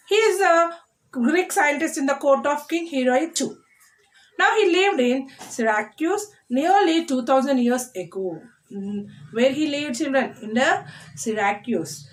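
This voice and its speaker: A woman teacher explaining a lesson to children, repeating words slowly for them to copy. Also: high voice.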